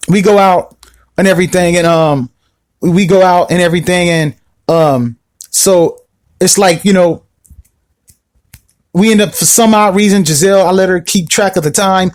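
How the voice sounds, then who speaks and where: A man's voice: high voice, moderate pace, pauses often. A man hosting a podcast, telling a personal story casually with lots of fillers and restarts, acting out the people he quotes. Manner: animated, acts out quoted voices, many fillers and restarts. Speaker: podcast host.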